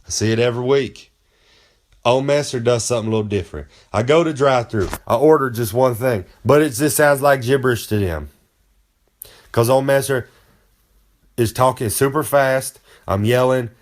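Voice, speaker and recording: A wrestler speaks at an ordinary pace in a mid-range voice, boasting comically as he gives advice. He rambles in a down-home way and describes himself in the third person.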